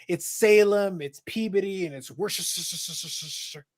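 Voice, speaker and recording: A man's voice: high-pitched, measured pace. A man hosting a casual podcast, reading chat comments aloud with a joking, sarcastic manner. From Canada.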